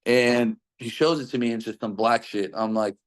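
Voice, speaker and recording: A man's voice: medium pitch, steady tone, a little fast. A young man casually telling a personal story, rambling with frequent fillers and heavy swearing.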